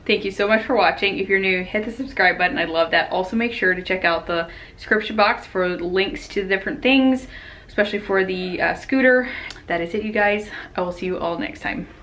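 A woman in her thirties chatting casually to the camera in a family vlog, easygoing with soft laughs. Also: medium pitch, fairly quick, low-quality recording. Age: 30s. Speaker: family vlogger.

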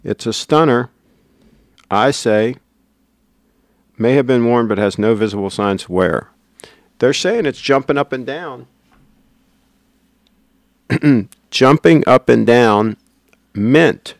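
A man's voice: mid-range voice, animated, slow pace, pauses often, no room sound, studio quality. A man hosting a casual livestream, rambling and reading out viewer comments. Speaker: livestream host.

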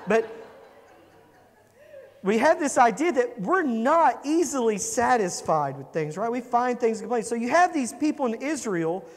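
A man's voice: extremely high pitch, very animated, a little slow, long reverb tail. A man preaching a conversational sermon, asking the congregation questions. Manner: conversational, asks the congregation questions, acts out quotes. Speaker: pastor.

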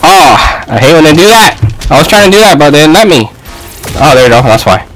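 Excitable young man yelling at a game. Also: quick pace, low-quality recording. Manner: excitable, shouts and trash-talks at the game, swings loud and high. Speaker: gaming YouTuber. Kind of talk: casual gameplay commentary. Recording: faint music behind.

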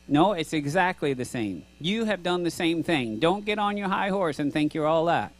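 Male pastor, middle-aged, high voice, earnest conversational sermon, rhetorical questions, faint electrical hum. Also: lively intonation, normal speed, hardly any pauses. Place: church sanctuary.

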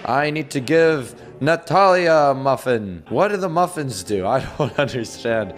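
A young man hosting a game video, commenting in an excitable, jokey way and laughing often. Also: mid-range voice, measured pace, faint music behind. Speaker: gaming video host. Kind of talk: let's-play commentary.

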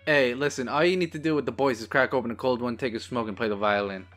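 A man's voice: medium pitch, fast, a bit bright, faint music behind. A man hosting a casual movie watch-along, joking sarcastically at the screen and swearing freely. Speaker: host.

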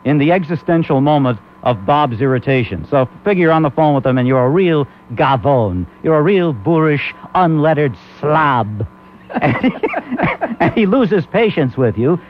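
A man's voice: on the high side, animated, normal speed, a little hiss or hum. A man hosting a comic talk radio show, rambling and laughing often. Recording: muffled old AM radio recording.

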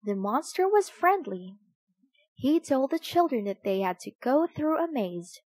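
High, lively woman reading a children's story. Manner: slow, expressive, sing-song. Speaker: storybook reader. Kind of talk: children's story read aloud.

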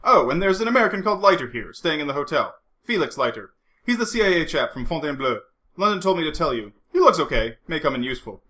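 A man's voice: fairly high pitch, big pitch swings, fast, sharp tone. A man reading aloud, voicing a jovial, scheming middle-aged French agent who talks in a chatty, teasing way. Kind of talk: audiobook reading.

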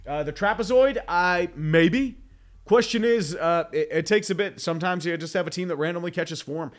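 A man's voice: high-pitched, normal speed. A man with a stuffy nose, hosting a live stream, chatting in a rambling way, reading out chat questions and swearing now and then. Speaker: livestream host reading chat. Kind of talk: casual live commentary.

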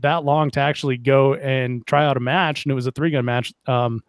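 A man hosting a podcast, talking in a relaxed way and sharing a story, with stumbling restarts. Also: mid-range voice, fairly quick, smooth, no room sound. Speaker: podcast host. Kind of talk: casual podcast conversation. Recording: dry close sound.

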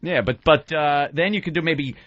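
A man's voice: a little high, normal speed, a bit bright, no echo. A man co-hosting a radio talk show, tossing in wry quips and laughing easily. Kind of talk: casual radio banter. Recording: dull dry lo-fi radio broadcast.

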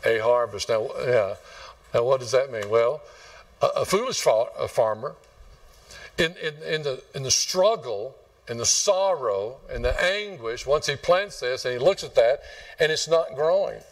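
A man's voice: mid-range voice, animated, measured pace, recorded from a distance. A man from West Texas, preaching a folksy, rambling sermon and quizzing his congregation. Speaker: pastor. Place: church sanctuary.

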